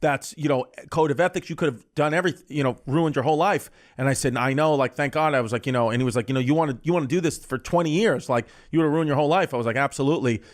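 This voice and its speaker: A man's voice: fairly high pitch, rapid-fire, few pauses. A man on a podcast telling a long, crude personal story in casual chat, quoting everyone with 'he goes' and swearing bluntly.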